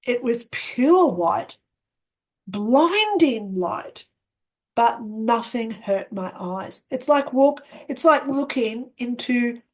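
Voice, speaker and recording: A woman telling her near-death experience in a slow, earnest way, acting out the dialogue she remembers. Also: on the high side, lively intonation. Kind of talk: personal storytelling. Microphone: webcam setup with ring light.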